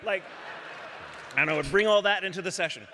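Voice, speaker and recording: A man's voice: high-pitched, racing, pushed and bright, long reverb tail, some chatter behind, a little hiss or hum. A voice actor from Texas telling a candid, chatty story on a panel and laughing as he talks.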